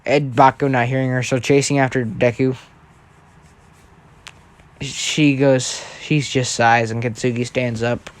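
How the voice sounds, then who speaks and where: A man's voice: mid-range voice, flat delivery, measured pace, long pauses. A young man casually telling a fan-fiction story, rambling and often checking in with "right?". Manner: rambling, with frequent restarts and "right?".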